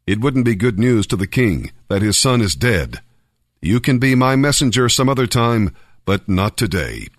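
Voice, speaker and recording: A man's voice: lowish voice, very animated, moderate pace, dry recording. A man reading the lines of a stern, blunt army commander in a firm, rebuking way.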